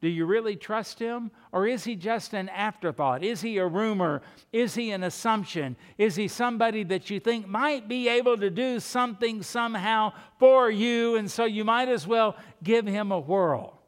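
A man's voice: high voice, normal speed, hardly any pauses, clean tone, in a large hall. A male pastor preaching a sermon, driving his points home with strings of rhetorical questions.

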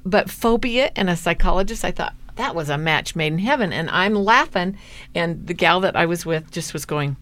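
Animated middle-aged woman telling a story. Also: on the low side, normal speed. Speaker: interviewee. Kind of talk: storytelling in an interview.

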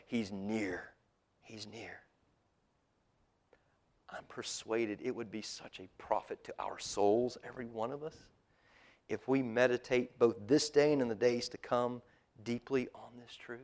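A man, a pastor preaching a sermon, who moves between loud emphatic calls and hushed near-whispers. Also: medium pitch, normal speed. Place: church auditorium.

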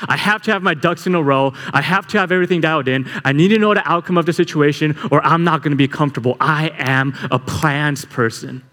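A young man telling a story to a live audience, energetic and full of "like" fillers. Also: fairly high pitch, fast, few pauses. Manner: energetic, filler-heavy with constant "like". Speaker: speaker at a live talk. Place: large hall. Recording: echoey hall reverb.

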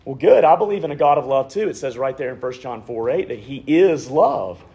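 A man in his thirties, a pastor preaching a sermon, swinging from raised emphasis down to hushed, near-whispered lines. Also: medium pitch, expressive, brisk, vocal fry, slightly rough.

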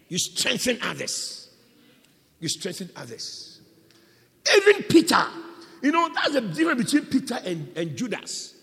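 Male pastor mid-sermon, impassioned, high and swooping voice, ringing church reverb. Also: gravelly. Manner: impassioned, surging from hushed to shouting.

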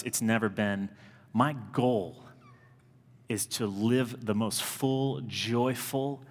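A male pastor in his thirties delivers a sermon in a casual, heartfelt manner and leans on repetition to drive points home. His voice sits on the low side. The sound carries the long reverb of a large church sanctuary. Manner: earnest, conversational preaching with emphatic repetitions.

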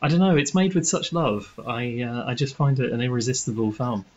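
A man's voice: medium pitch, fairly quick, darkish tone. A man co-hosting a podcast, chatting enthusiastically about films in a rambling way. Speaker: podcast co-host. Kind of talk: casual film chat. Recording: muffled lo-fi recording.

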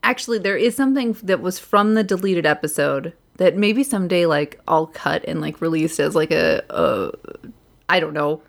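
A young woman co-hosting a casual podcast chat, loud and rambling, swearing freely. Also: on the low side, moderate pace, creaky. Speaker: podcast co-host.

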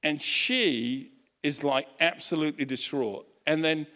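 A man preaching a sermon, telling a story with lively acted-out quotes and frequent restarts. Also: fairly high pitch, measured pace. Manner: animated storytelling, acts out quotes, self-correcting restarts. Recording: long hall reverb.

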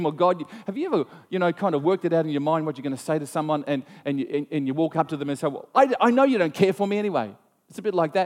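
A man preaching a sermon, telling a story in an animated way with frequent restarts. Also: a little high, in a large hall. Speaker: pastor.

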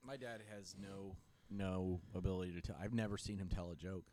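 A man's voice: low-pitched, steady tone, fairly quick, darkish tone. A young man co-hosting a podcast and telling family stories in a rambling way, with lots of restarts. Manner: rambling storyteller, many restarts. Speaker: podcast co-host. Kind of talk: casual chat. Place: podcast studio.

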